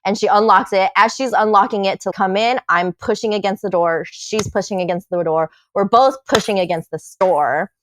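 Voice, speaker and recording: A woman on a podcast telling her own story in casual chat, animated and swearing, acting out what people said. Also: medium pitch, moderate pace, few pauses, slight background noise. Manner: animated, swearing, acts out quotes.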